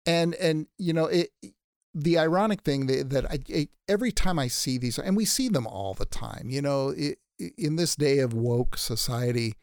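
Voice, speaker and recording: A man's voice: a little high, expressive, moderate pace, darkish tone, no room sound, clean studio sound. A man co-hosting a casual conversation, speaking in an emphatic, opinionated way.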